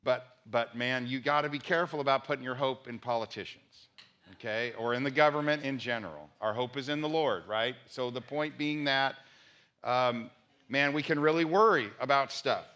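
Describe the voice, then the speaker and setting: A man's voice: medium pitch, normal speed, sharp tone. A man, a pastor, preaching a conversational sermon and repeating key points for emphasis.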